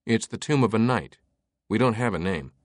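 A man reading the lines of a courteous, earnest scholar in a low, dry voice. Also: lively intonation, moderate pace, no room sound. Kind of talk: audiobook character voice.

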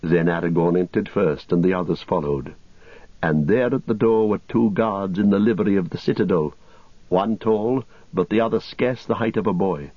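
An audiobook narrator, a man with a husky low voice, reads a scripted story in a steady, measured way. The recording is dull and lo-fi, with no echo.

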